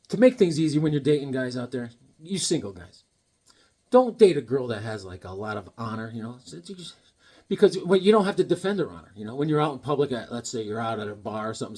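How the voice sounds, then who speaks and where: Man, casual comic book chat, corny jokes, rambling, husky voice, lively up-and-down pitch. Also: fairly quick. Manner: joking, rambling, corny one-liners.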